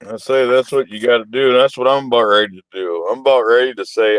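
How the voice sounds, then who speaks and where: A man's voice: medium pitch, fast, clear, resonant tone, no echo. A man talking as a guest dog breeder in a casual podcast chat, speaking in a blunt, boastful way.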